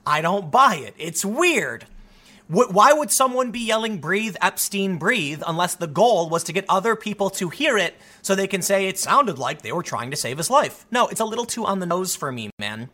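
A man talking through a casual commentary monologue, animated and often restarting his sentences. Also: high voice, normal speed. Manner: animated, repeats himself, many restarts. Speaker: commentary host.

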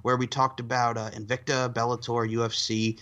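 A man's voice: medium pitch, flat delivery, fairly quick, pushed and bright. A man co-hosting a podcast in a rambling, casual way, laughing often and swearing freely. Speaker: podcast co-host and interviewer.

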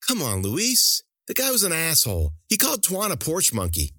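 A man's voice: a little high, wildly swooping pitch, moderate pace, bright, forceful tone, no room sound, clean studio sound, pitched above the performer's own voice, exaggerated voice. A man voicing a tough, hard-drinking woman detective who talks bluntly and sarcastically. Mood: sarcastic defiant.

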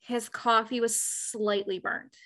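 A young woman co-hosting a podcast, telling workplace stories in animated casual chat with many filler words. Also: on the high side, slow pace, a crowd in the background. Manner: animated storytelling, lots of "like" fillers. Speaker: podcast co-host.

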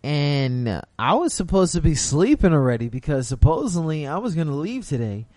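A man's voice: fairly high pitch, very animated, normal speed, darkish tone, dry recording. A young man hosts a casual late-night show. He rambles loosely and keeps asking "you know what I'm saying". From the Bronx, New York. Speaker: host.

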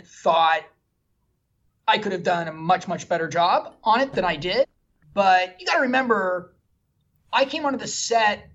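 A man's voice: sits high, a bit bright, dull audio, a little hiss or hum. A man, a film director, telling a candid, self-deprecating story from his career in a guest interview. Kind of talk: animated anecdotal storytelling.

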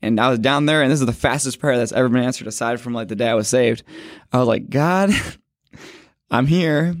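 Recorded cleanly in a studio without echo, this twenty-year-old man speaks in a mid-range voice with fairly even intonation. He tells his faith testimony casually, wandering off track, saying "like" constantly and fixing his words as he goes.

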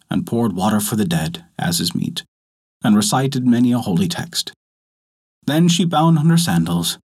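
Man, storyteller, husky voice, lively lilting narration, folktale reading. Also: mid-range voice.

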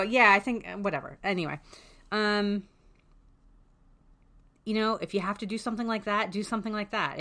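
A woman's voice: on the low side, a bit bright. A woman talking candidly as a parent advocate, giving casual, frank advice and swearing freely.

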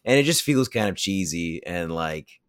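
He speaks low and expressively at normal speed, giving a casual podcast rundown of a film's plot with spoilers, lots of "like," and offhand judgments. The recording is studio quality without echo.

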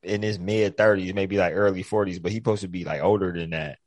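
A man co-hosting a casual chat, talking loosely and profanely with lots of restarts and bursts of excitement. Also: low-pitched, fast talker, dry recording. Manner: profane, rambling, animated. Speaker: podcast co-host. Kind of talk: casual chat about TV shows.

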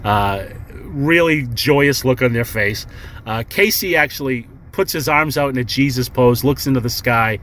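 Calling in to leave a podcast message, a man spins a profane, meandering funny story, constantly relaying what someone said with "he goes." He speaks at a moderate pace in a medium-pitched, fairly bright voice.

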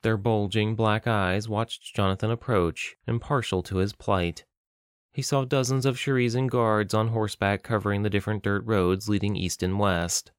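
A man narrating a fantasy audiobook in an even, steady storytelling manner. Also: fairly low pitch, normal speed, clear, resonant tone, no room sound, clean studio sound. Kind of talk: scripted narration.

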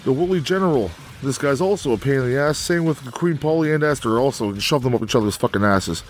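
A man's voice: medium pitch, quick pace, soft background music. A man co-hosting a game review, ranting angrily and swearing constantly, laughing between insults. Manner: angry, foul-mouthed, laughs between jabs. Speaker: co-host reviewing a video game. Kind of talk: profane comedic rant.

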